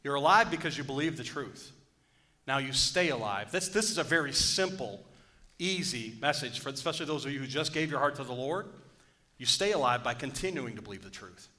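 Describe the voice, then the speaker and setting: A pastor preaches a sermon in call-and-response style, joking with the congregation and asking for amens. His medium-pitched voice is expressive, bright, and forceful, and he speaks a little fast.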